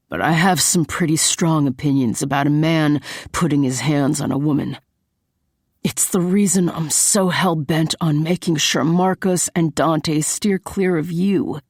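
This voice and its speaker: A woman reading an audiobook, voicing a young man who keeps his voice low and even. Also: breathy edge, dry recording, studio quality, exaggerated voice.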